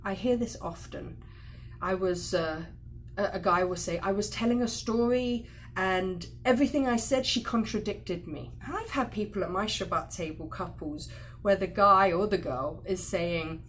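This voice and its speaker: An expressive woman leads a class on respect in marriage and family. She teaches with energy and acts out the voices of the people in her examples with sudden loud bursts. Her voice sits at a middle pitch. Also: normal speed, slight background noise.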